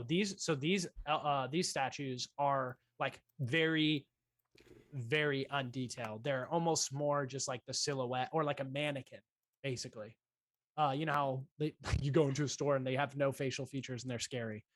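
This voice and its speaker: A man's voice: mid-range voice, fairly even intonation, moderate pace, a bit bright, dry recording. A man narrating as game master of a tabletop game, describing scenes with many ums and uhs. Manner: hesitant, full of ums and uhs.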